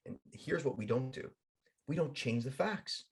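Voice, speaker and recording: Animated, emphatic man telling stories. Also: mid-range voice, normal speed. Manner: emphatic, energetic, acts out voices. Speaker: podcast guest and coach. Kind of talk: animated storytelling and plugs.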